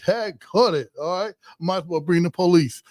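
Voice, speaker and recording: A man hosting a community podcast in casual chat, quick with affirming interjections. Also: high-pitched, a little mellow, dry recording, studio quality. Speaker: podcast host.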